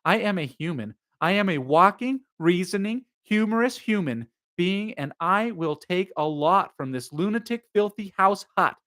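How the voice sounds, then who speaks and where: A man voicing a frightened young woman, raised pitch. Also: expressive, normal speed, few pauses. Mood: defiant. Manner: tense, building to defiant shouting. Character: frightened young woman steeling her nerve.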